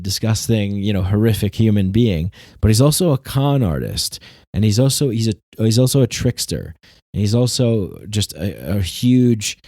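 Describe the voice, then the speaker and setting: A man with a lowish, mellow voice rants sarcastically through a solo podcast monologue and swears freely. The sound is dry and close, with little room. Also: dry recording. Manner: ranting, sarcastic, swears often. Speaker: podcast host.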